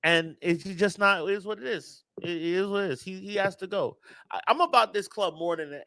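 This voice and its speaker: A man's voice: high voice, normal speed, sharp tone, no room sound. A man hosting a football fan channel, giving an emphatic, exasperated reaction rant and talking straight to his viewers.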